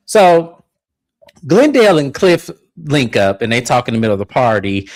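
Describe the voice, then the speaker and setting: A man co-hosting a reality TV recap, telling the story in casual chat and jumping into high-pitched impressions of the cast. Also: animated, unhurried, no room sound.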